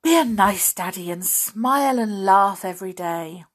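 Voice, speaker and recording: A woman reading a storybook aloud, voicing a cheerful, bossy little princess in a high, playful voice. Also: expressive, unhurried, breathy edge.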